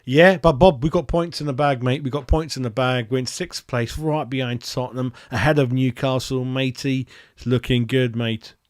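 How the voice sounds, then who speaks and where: A man hosting a live fan reaction chat, excitable and matey, greeting viewers by name. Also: mid-range voice, normal speed, dry recording, studio quality. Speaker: fan channel host.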